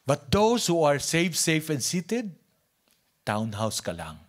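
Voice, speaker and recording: A male pastor with a Filipino accent preaching a sermon. He swings from hushed near-whispers to loud, emphatic lines, and he often repeats and restarts phrases. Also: fairly high pitch, huge pitch swings, slow pace, a little hiss or hum.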